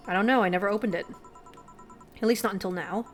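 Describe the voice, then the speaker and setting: A jaded bartender who swears freely and sounds worn out by old grief, read out by a woman. The voice sits at a middle pitch and stays plain and unforced, with faint music underneath. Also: fast, natural voice. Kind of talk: reading game dialogue aloud.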